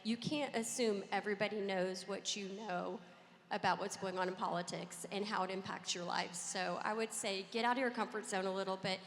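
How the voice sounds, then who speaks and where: A woman's voice: medium pitch, steady tone, brisk. Earnest Kentucky woman in a reverberant hall. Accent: Kentucky Southern. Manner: earnest, pleading and upbeat. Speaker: panelist. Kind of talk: convention panel talk.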